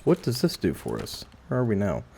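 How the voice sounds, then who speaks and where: A man's voice: fairly low pitch, wildly swooping pitch, brisk, vocal fry, dark tone, husky. A man casually commentating as he plays a video game, musing aloud with dry asides. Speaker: gameplay commentator. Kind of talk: casual let's play commentary.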